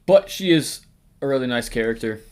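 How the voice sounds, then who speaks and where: A man's voice: mid-range voice, animated, normal speed. A man hosting a casual tier-list ranking, talking in a rambling, jokey way, swearing often and sometimes trailing off into mumbles and whispers. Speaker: host.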